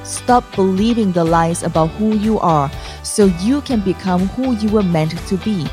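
A woman's voice: medium pitch, normal speed, darkish tone, faint music behind. A woman reading a scripted, rousing motivational intro for a podcast.

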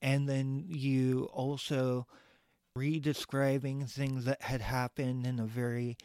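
Male podcast co-host with a smooth, clear voice and an unhurried, reflective delivery. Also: mid-range voice, flat delivery, no room sound. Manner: soft-spoken and reflective, with frequent agreeing murmurs. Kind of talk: casual podcast chat.

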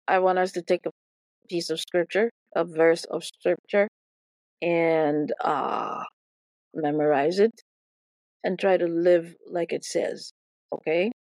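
A woman's voice: on the low side, steady tone, slow pace, long pauses, a little mellow, no room sound. A woman teaching a Bible lesson as playful, theatrical storytelling, often repeating words for effect.

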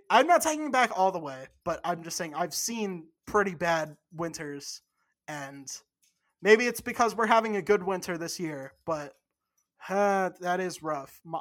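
A podcast co-host in casual chat, rambling and cursing freely. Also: medium pitch.

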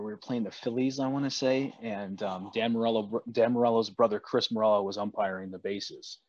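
A man's voice: fairly low pitch, no room sound, lo-fi sound. A man hosting a casual chat, telling stories with frequent restarts and repeated words. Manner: storytelling, many restarts.

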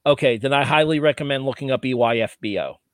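A man's voice: medium pitch, fast, dry recording. A man co-hosting a podcast, giving a casual wrestling review in an analytical way and swearing freely. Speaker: podcast co-host.

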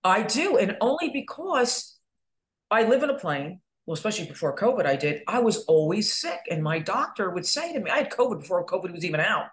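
With a mid-range voice that's very animated and a little fast, a middle-aged woman from New York talks casually as a podcast guest. A real estate agent, she laughs often and tells her stories with animation.

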